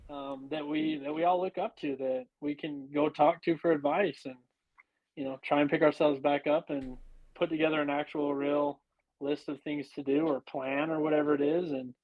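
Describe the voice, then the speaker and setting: A man hosting a podcast, speaking in an encouraging, halting way full of "you know"s. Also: a little high, little pitch movement. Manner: encouraging, halting, filler-heavy. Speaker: podcast host. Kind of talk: casual podcast chat. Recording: dull lo-fi recording.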